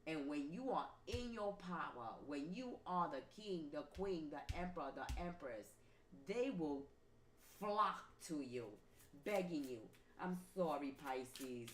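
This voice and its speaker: Emphatic woman giving a slow tarot reading. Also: sits low, lively intonation. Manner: emphatic, repetitive, preachy. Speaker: tarot reader. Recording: roomy with faint ambient noise.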